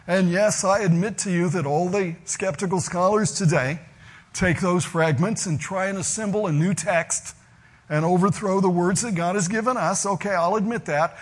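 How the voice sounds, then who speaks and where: A man preaching a teaching sermon, emphatic and deliberate, slowing down to stress key phrases. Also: sits high, steady tone.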